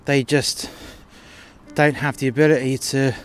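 A man's voice: mid-range voice, little pitch movement, unhurried, slight background noise. Sweary man ranting. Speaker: podcast host. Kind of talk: storytelling monologue.

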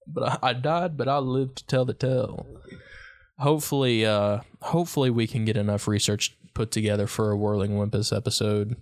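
This is a man co-hosting a podcast in loose, casual chat. His voice sits somewhat low, and he jokes easily and often leaves sentences unfinished. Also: steady tone, a little fast, a little mellow. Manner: easygoing, joking, trails off mid-sentence. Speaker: podcast co-host.

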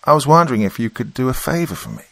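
A man's voice: medium pitch, big pitch swings, racing, vocal fry, a bit bright, no echo, voice pushed up. A man voicing a strange, gaunt young stranger with a put-on broken transatlantic accent, big and overly polite. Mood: eerie polite. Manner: big, enthusiastic, formal.

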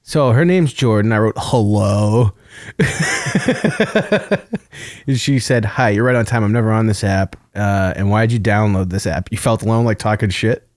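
A man's voice: on the low side, a little slow, no echo, studio quality. A man telling comic stories in casual chat, reading out dating-app messages and laughing often. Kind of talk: casual comedic storytelling.

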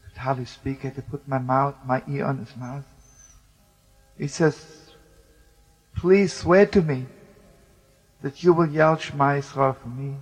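Emotional man telling a story over soft music. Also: medium pitch, level tone, moderate pace, poor audio. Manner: emotional, shifts between loud exclamations and hushed speech. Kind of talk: spoken storytelling with Yiddish and Hebrew words.

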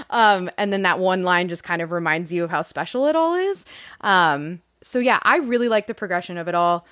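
A woman talks through a film in a loose, rambling way, filling her thoughts with "like." Her voice sits low, and the recording is dry, with no room around it. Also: lively intonation, normal speed, a bit bright, no echo. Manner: rambling, reflective, says "like" often. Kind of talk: casual film review chat.

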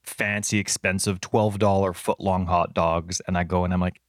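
A middle-aged man with a fairly low voice tells a story in a casual podcast chat, acting out the voices as he goes. The sound is dry and close. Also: normal speed, hardly any pauses, no room sound. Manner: animated storyteller, acts out quotes. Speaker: podcast co-host.

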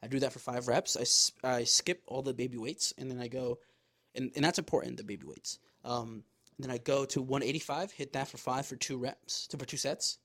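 A young man tells a story on his podcast in a casual, animated way and swears freely. His voice sits at an ordinary middle pitch and jumps up when he gets worked up. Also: brisk. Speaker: podcast host.

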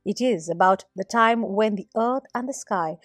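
A woman narrating a myth as a storyteller, in a gently expressive way. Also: medium pitch, normal speed, no room sound, clean studio sound, soft background music.

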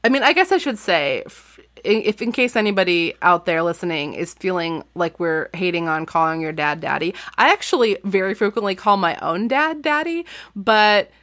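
A woman's voice: fairly low pitch, lively intonation, normal speed, a bit bright. A woman co-hosting a podcast, chatting casually about a book, recapping it with lots of laughter. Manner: chatty, laughs often, recaps the plot animatedly. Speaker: podcast co-host. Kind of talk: casual book-club chat with read-aloud passages.

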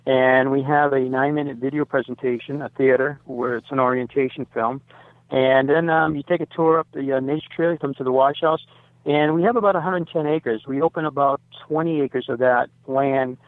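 A man's voice: medium pitch, steady tone, a little fast, dry recording. A man in his sixties, a radio interview guest, talking in a rambling way with lots of fillers and self-corrections. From United States. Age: 60s. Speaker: site owner, interview guest. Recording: dry phone-line sound.

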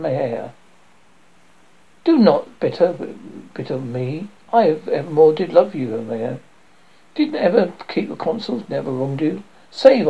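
A man voicing a timid, wounded young woman in a verse play, reading with lively stresses. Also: a little high, gravelly, husky, highs cut off, heavily acted.

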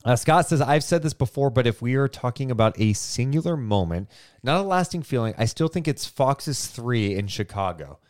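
Animated man co-hosting a fan podcast. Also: medium pitch, normal speed. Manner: animated, whooping and shouting in celebration. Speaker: podcast co-host. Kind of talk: casual fan podcast chat.

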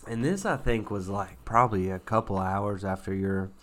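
A man's voice: fairly low pitch, moderate pace. A man co-hosting a podcast, telling a ridiculous story with mock-earnest sincerity in loose, rambling casual chat. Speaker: podcast co-host. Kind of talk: casual chat, absurd tall tales.

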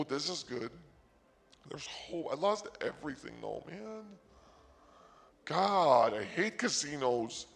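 A man doing a rambling, absurd comic story on the radio, excitable at times. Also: on the high side, in a large hall.

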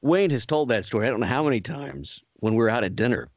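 A guest in a casual chat who laughs easily and talks with enthusiasm. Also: male voice, mid-range voice, expressive, quick pace, no room sound, highs cut off. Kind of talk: casual conversation.

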